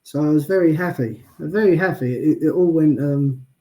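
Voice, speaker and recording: A man telling stories as an interview guest, chatty and deadpan, often adding "I'll be honest with you.". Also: on the high side, moderate pace. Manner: self-described sarcastic and deadpan, frequent "I'll be honest with you"; chatty storyteller with many restarts. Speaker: guest, wheelchair athlete. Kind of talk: casual interview chat.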